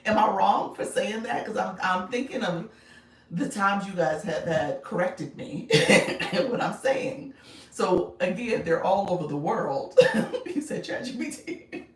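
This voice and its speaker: A woman's voice: medium pitch, animated, slow. A woman hosting a casual livestream, chatting with viewers, reading out their comments and laughing often. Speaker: livestream host and coach. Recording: echoey room, distant mic.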